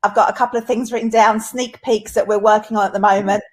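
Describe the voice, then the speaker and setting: A woman's voice: medium pitch, fairly even intonation, quick pace. Essex woman co-hosting a webinar. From England. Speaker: co-host of a live training webinar. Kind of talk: casual live-stream chat.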